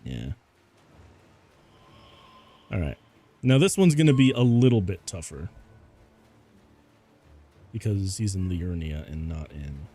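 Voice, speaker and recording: A man's voice: low voice, very animated, takes it slowly, pauses often, dark tone, slightly rough. A man giving casual gameplay commentary as a VTuber, rambling and laughing often at himself.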